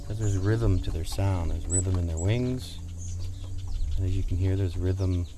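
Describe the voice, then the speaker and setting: A singer-songwriter chatting casually between songs in a rambling way, recorded outdoors on a porch with a portable recorder. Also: male voice, low-pitched, normal speed, long pauses. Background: acoustic guitar playing.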